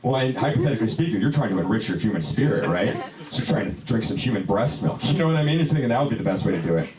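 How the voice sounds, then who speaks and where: Young guy doing stand-up, laid back and rambly, low voice, echoey club w loud crowd laughing. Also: big pitch swings, rapid-fire, distant mic. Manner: laid-back rambling, lots of "dude" and "you know". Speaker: stand-up comedian. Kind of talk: stand-up set. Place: small comedy lounge.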